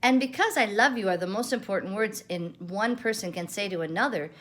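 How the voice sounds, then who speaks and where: A woman's voice: mid-range voice, fairly quick, fairly bright tone, voice pushed up, close to an everyday voice. An older woman voicing a fussy, know-it-all male rabbit who speaks primly and knowingly. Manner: prim and knowing.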